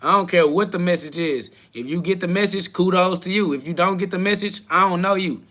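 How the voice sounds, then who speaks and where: A man hosts a live self-talk podcast, talking fairly quickly in a bright, forceful tone. He preaches through short slogans he keeps repeating and fires back at critics he quotes, using crude slang, and his voice cracks up into high shrieks when he gets heated.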